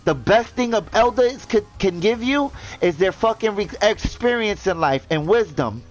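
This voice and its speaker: A man's voice: high voice, animated, moderate pace, rough recording. A man ranting indignantly in casual commentary, swearing and repeating himself as he stumbles over words. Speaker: gaming vlogger.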